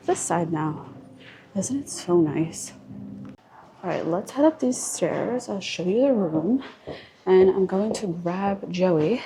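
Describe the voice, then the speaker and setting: A woman's voice: mid-range voice, mellow. A woman touring a resort on camera as a vlogger, chatting casually and exclaiming at what she sees while she walks through the rooms. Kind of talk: casual walk-through vlog narration. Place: indoor resort spaces while walking.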